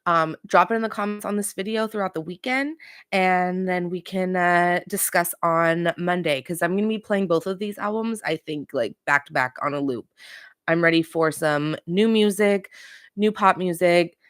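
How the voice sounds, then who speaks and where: Chatty woman host with a lowish voice. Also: normal speed, clean tone, dry recording, clean studio sound. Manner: chatty and opinionated, talks straight to viewers. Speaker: pop culture podcast host. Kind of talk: casual recap and commentary.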